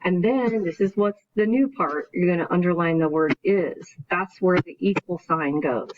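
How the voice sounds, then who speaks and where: A woman's voice: fairly low pitch, moderate pace, slight background noise. A woman math teacher giving a recorded video lesson, explaining each step in order and often checking in with "right?". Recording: dull lo-fi recording.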